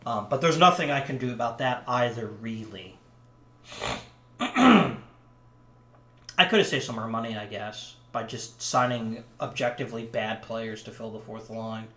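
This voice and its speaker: A let's play commentator with a medium-pitched, animated, slightly bright voice talks at a measured pace, the sound a bit roomy. He rambles casually about the hockey management game he's playing, dropping frequent ums.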